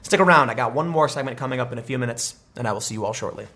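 A man giving opinionated political commentary in a sarcastic, animated way, talking fast with frequent restarts. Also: mid-range voice.

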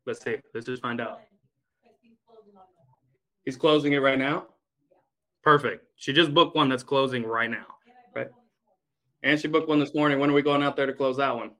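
The owner of a heating and cooling company talks bluntly and energetically from his office on a casual business podcast, swearing freely. His mid-range voice runs at normal speed with frequent pauses and a sharp tone, and the audio is poor.

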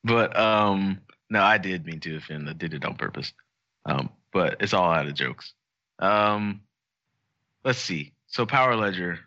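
A man's voice: sits low, animated, a little slow, pushed and bright, dry recording. A man co-hosting a casual podcast, joking and bantering. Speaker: podcast co-host. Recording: dull lo-fi audio.

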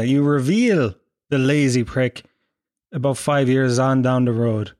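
A man spins loose, profane anecdotes in a wry, chatty way and often laughs mid-sentence. His voice sits at a middling pitch. The sound is dry and close, with no room around it. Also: measured pace, long pauses, no echo. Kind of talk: casual comic storytelling.

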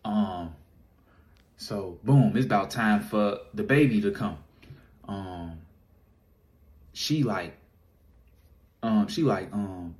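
A man's voice: lowish voice, takes it slowly, pauses often, darkish tone. A young man in a video submission, telling a casual story in a loose, rambling way with many fillers. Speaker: listener sending a video submission.

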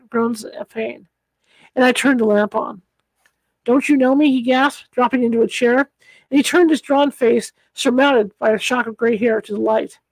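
A woman reading a classic story aloud as an audiobook, telling it in a measured way. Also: a little high, gravelly, no echo, low-quality recording. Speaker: audiobook reader.

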